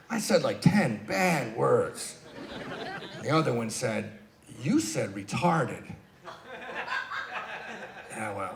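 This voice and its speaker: Gravelly, swearing stand-up comedian. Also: male voice, medium pitch, takes it slowly, long pauses. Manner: swearing, animated storytelling with loud bursts. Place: live comedy stage.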